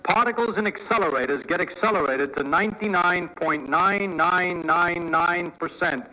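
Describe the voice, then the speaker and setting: Bright-voiced man narrating a science explainer. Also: high voice, moderate pace, lo-fi sound. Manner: explanatory, upbeat teaching tone. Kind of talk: scripted narration.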